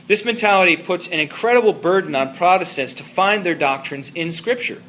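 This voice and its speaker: A man teaches a class in a loose, chatty lecture style, often asking his listeners if they follow. His voice sits a little high and sounds bright and pushing. He speaks to a live audience in the room. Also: a little fast, a little hiss or hum. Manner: conversational, checks in with listeners, frequent fillers. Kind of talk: informal lecture.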